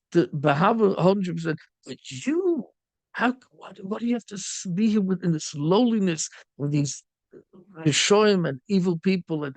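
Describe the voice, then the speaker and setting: A middle-aged rabbi with a high, gravelly voice tells a story in a sermon, dropping Yiddish and Hebrew words as he goes. The sound is dry and close. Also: no echo.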